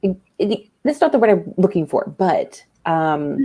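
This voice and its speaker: A woman chatting casually on a stream, talking haltingly with plenty of ums and uhs. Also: lowish voice, big pitch swings, warm tone, husky. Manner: halting, many fillers. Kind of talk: casual chat.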